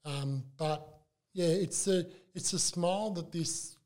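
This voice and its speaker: Older Australian bloke, mellow and a touch high, halting chatty guest storyteller. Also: male voice. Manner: animated, halting storyteller with many restarts. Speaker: club mascot performer, guest. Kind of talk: casual interview chat.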